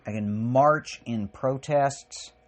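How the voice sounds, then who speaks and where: A man delivering a personal spoken essay as a podcast host, halting and raw, with long pauses and swearing. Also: medium pitch. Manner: raw and profane.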